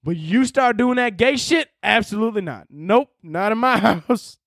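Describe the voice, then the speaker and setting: Guy doing a gruff southern hunter dude, bigoted, drawls and swears, dry close sound, Southern US accent. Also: high voice, lively intonation, moderate pace, fairly bright tone, dry recording, voice pushed up, exaggerated voice. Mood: scoffing. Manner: profane, drawling rant.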